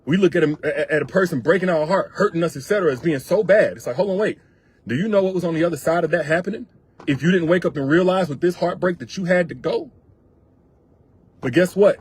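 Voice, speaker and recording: A man's voice: a little high, fast talker, darkish tone, slightly rough. A man working as a relationship coach, giving emphatic, repetitive, colloquial advice straight to his viewers. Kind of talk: direct advice monologue to viewers.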